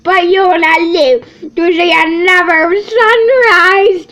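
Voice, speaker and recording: A girl doing a big growling bear, loud and threatening. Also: high-pitched, slow pace. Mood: menacing. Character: huge angry male bear.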